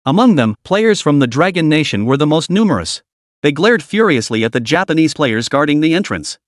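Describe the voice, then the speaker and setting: A man narrating a game fantasy story in an even scripted storytelling manner, voicing the quotes only lightly. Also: on the high side, no room sound, studio quality.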